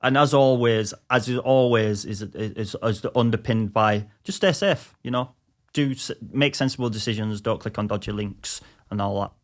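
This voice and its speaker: A man's voice: on the low side, normal speed. Male co-host, casual podcast chat, teasing and loose, often restarts his sentences. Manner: teasing, rambling with many restarts.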